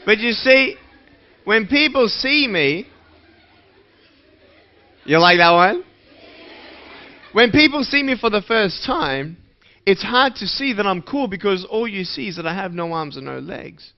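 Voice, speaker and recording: A man's voice: high voice, animated, a little slow, long pauses. A man giving a motivational speech to schoolchildren in a playful way, asking the audience questions. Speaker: motivational speaker. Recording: dull lo-fi recording.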